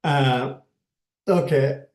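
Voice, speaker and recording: Teacher: a man with a northern Ojibwe accent, unhurried and halting, in an echoey room. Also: medium pitch. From northern Ojibwe community in Canada. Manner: halting, many pauses and fillers, soft chuckles. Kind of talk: informal online language class.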